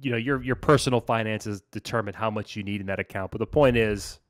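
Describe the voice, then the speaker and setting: A man hosting a casual podcast as a financial planner, talking in an energetic, laid-back way full of slang. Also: on the low side, quick pace, no room sound, clean studio sound.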